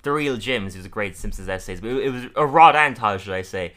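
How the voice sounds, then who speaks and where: A man's voice: fairly low pitch, lively intonation, fast, fairly bright tone. A man co-hosting a podcast, giving a casual review in which he laughs often and stumbles over repeated words as he restarts. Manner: laughs often while recapping scenes. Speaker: podcast co-host. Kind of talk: casual episode review chat.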